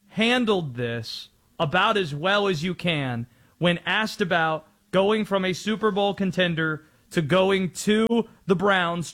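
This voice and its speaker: A man's voice: high-pitched, a bit bright. A man co-hosting a sports talk show, setting up topics and introducing clips. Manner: segues into topics, sets up clips.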